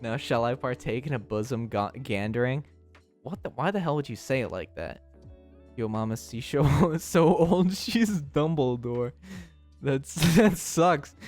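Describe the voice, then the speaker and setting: A young man streaming and chatting casually with his live chat, teasing and often breaking into high, squealing laughs. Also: darkish tone.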